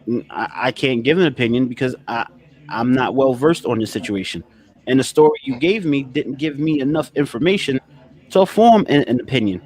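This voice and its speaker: A man in casual podcast talk, animated and swearing, who acts out other people's lines and repeats words as he speeds up. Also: medium pitch, moderate pace.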